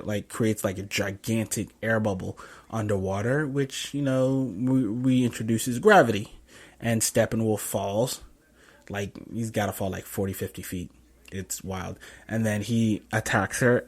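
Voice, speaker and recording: Young male host, lowish voice, loose rambling film-review chat full of fillers. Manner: rambling, many fillers and self-corrections. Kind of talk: casual film review commentary.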